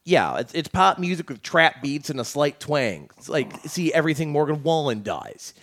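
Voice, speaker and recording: A man's voice: on the high side, normal speed, gravelly, no echo, studio quality. Easygoing radio host man. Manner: relaxed, agreeable banter. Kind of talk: casual sports talk radio chat.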